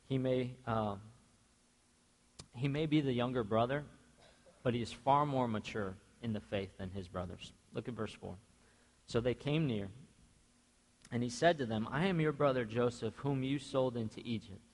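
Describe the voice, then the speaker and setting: In a church sanctuary with long reverb, a young male pastor preaches at a moderate pace and medium pitch, pausing often. He grew up in a half-Mexican household and delivers his sermon chattily, questioning the congregation and performing the voices in his animated stories.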